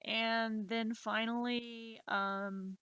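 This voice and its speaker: A woman in her late twenties telling stories on a live stream, animated and exasperated, swearing freely. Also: a little high, extremely slow, clear, resonant tone, no room sound. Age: 20s. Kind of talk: casual storytelling.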